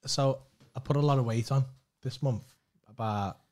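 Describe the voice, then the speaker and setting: A man's voice: mid-range voice, normal speed, darkish tone. A man co-hosting a podcast, rambling and sweary, laughing at himself in casual chat. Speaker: podcast co-host.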